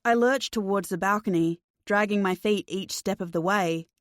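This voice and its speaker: A woman narrating a first-person thriller audiobook in a slow, measured, tense way. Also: mid-range voice, no echo, studio quality.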